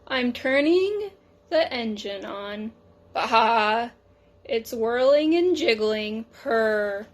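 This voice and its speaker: Worried storybook sheep, hesitant and careful, slow, read by a woman. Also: fairly high pitch, animated. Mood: cheerful.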